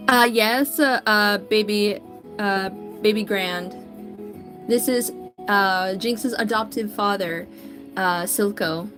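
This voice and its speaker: A woman's voice: mid-range voice, takes it slowly, over music. A woman artist chatting casually on a livestream while she draws, greeting viewers by name in an upbeat, chatty way. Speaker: digital artist streamer.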